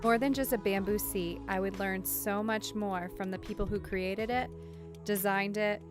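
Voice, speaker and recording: Brief: woman narrator, upbeat and reflective, music clearly behind. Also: mid-range voice, steady tone, moderate pace. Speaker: teacher and documentary narrator. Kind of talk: scripted narration.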